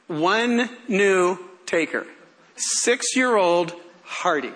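Bright-voiced older male pastor, unhurried. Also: high voice. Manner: animated storytelling with laughter. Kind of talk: sermon.

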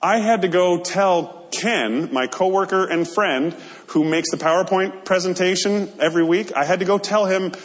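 A man's voice: sits high, normal speed. A male pastor preaching a sermon in an earnest, conversational way, often checking in with his listeners. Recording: long hall reverb.

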